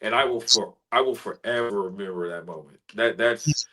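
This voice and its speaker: A man, a spoken word artist, telling an emotional personal story in an earnest, heartfelt way, sometimes soft-spoken. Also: lowish voice, moderate pace, low-quality recording.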